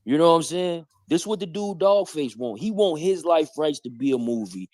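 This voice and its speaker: A man's voice: on the high side, expressive, moderate pace, darkish tone, no echo. A man hosting a live stream, bluntly challenging people in heavy street slang. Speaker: stream host. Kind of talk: heated live-stream commentary.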